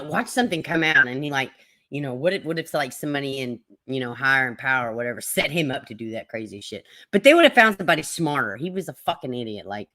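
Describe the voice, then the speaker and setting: Lively, swearing woman livestreamer. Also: deep voice. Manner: animated, swears freely, laughs often. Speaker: livestream host. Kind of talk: casual commentary livestream.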